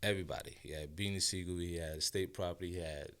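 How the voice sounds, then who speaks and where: A Brooklyn man in his forties with a New York accent, a rapper and producer, appears as a podcast guest in a casual storytelling interview. His voice sits low and he talks fast, animated and slangy, often restarting his sentences.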